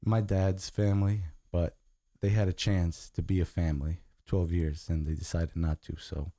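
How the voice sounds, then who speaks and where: An earnest young man from Guatemala and the United States, speaking as a podcast guest. His voice sits very low and sounds dark and mellow, and the sound is close and dry. He keeps dropping "man" into his sentences. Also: little pitch movement, moderate pace, no echo. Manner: earnest, repeats "man" often. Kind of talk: casual podcast chat.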